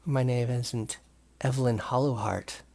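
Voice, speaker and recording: A man's voice: mid-range voice, fairly even intonation, measured pace, creaky, voice pushed down. A man reading game dialogue aloud, voicing a creepy, cheerful woman dance teacher who turns out to be a villain, in a sing-song, menacing way. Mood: taunting. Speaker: let's play reader voicing game characters. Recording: loud game music behind.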